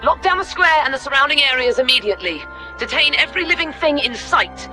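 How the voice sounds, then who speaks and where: A woman's voice: sits high, expressive, fast talker, sharp tone, faint music behind, exaggerated voice. A woman playing a harsh, short-tempered female commander who barks orders in a game cutscene. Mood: commanding.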